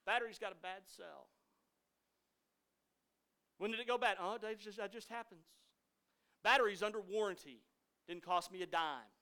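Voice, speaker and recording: A man, a pastor preaching a sermon, swinging from loud emphasis to hushed asides. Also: high-pitched, moderate pace, long pauses.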